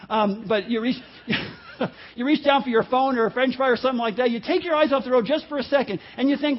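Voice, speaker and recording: A high-pitched male pastor preaching earnestly, often repeating himself and slipping into quoted voices. The recording is dull and lo-fi. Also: fairly quick. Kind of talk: sermon. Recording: dull lo-fi audio.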